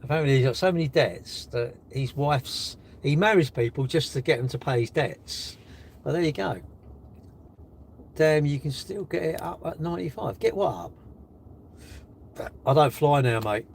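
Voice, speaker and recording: A man's voice: on the high side, expressive, normal speed, creaky, long pauses, a little hiss or hum. Cocky older man teasing his chat. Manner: cocky, teasing banter with viewers. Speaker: livestream host reading chat. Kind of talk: casual live-stream chat.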